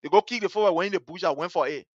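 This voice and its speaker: A man with a Liberian English accent hosting a talk show. He tells a story with passion, swinging between hushed and loud. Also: high voice, racing, dry recording, lo-fi sound. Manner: vivid, story-driven. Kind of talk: animated radio commentary with storytelling.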